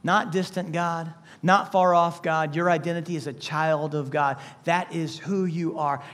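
A man preaching a sermon with an emphatic delivery, full of rhetorical questions, swinging between loud bursts and hushed asides. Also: a little high, fairly even intonation, unhurried. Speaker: pastor.

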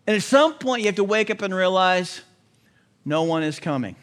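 Male preacher, high voice, lively and punny delivery, for a sermon read. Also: moderate pace. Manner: animated, joking with puns. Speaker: pastor.

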